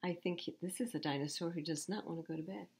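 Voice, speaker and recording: A woman's voice: on the low side, fast talker, creaky, a little mellow. A woman reading picture books aloud to children at storytime, expressively and with asides to the listeners. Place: public library.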